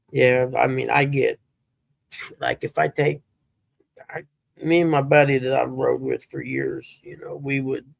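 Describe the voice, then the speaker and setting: A man's voice: medium pitch, no room sound. A middle-aged man, telling rambling stories as a livestream host in casual chat. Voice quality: gravelly, husky. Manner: rambling, laid-back storytelling.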